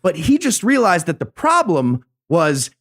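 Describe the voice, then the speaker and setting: A man's voice: sits high, huge pitch swings, a little slow, a bit bright. A man telling absurd roast jokes at a live comedy show.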